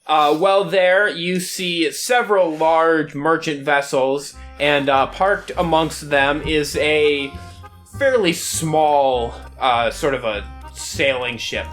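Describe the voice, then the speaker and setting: A man narrating a tabletop game as game master in a relaxed way, with many fillers. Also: fairly high pitch, slow, faint music behind.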